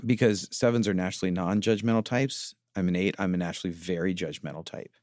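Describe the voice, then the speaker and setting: A man in his thirties co-hosting a podcast, talking earnestly and confessionally, often pausing to search for words. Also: deep voice, steady tone, darkish tone, no echo, clean studio sound. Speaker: podcast co-host. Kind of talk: reflective podcast conversation.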